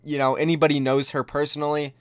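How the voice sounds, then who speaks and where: Guy ranting on his vlog, indignant and emphatic, smooth voice, dry close mic. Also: fairly high pitch, little pitch movement, fast, no echo. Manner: indignant, emphatic, speaks directly to viewers. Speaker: esports commentary YouTuber. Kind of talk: scripted-sounding vlog commentary.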